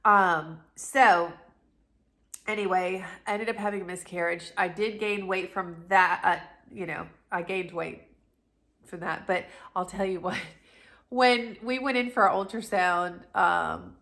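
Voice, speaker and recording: A woman's voice: lowish voice, unhurried, vocal fry. A middle-aged woman, casually telling a personal story to camera, chatty and full of asides. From North Carolina, USA. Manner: chatty and animated, with many restarts and asides. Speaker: lifestyle vlogger.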